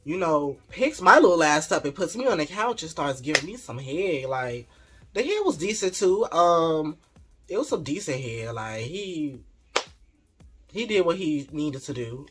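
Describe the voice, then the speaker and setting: A man telling a story in an animated, slangy, laughing way. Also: fairly high pitch. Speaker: vlogger. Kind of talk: casual storytelling.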